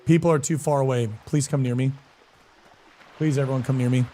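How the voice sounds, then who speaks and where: Male streamer, casual slangy chat with viewers, mid-pitched, animated delivery. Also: fairly quick, a little hiss or hum. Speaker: streamer and guild leader.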